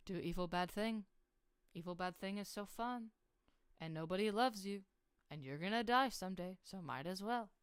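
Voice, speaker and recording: A woman's voice: medium pitch, normal speed, clean tone, dry recording, clean studio sound, lightly acted. A sly void god whispering temptations, as a woman puts it on. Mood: coaxing. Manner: coaxing, childish wheedling.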